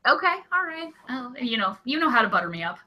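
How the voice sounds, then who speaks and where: A woman's voice: a little high, fast, muffled recording. A woman co-hosting a comedy podcast, chatting casually with lots of laughter and playful jokes. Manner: animated, giggly, jokey. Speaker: podcast co-host.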